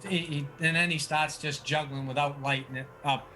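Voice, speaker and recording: A man narrating a tabletop game as dungeon master, halting and restarting often as he describes the scene. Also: on the high side, fairly even intonation, bright, forceful tone.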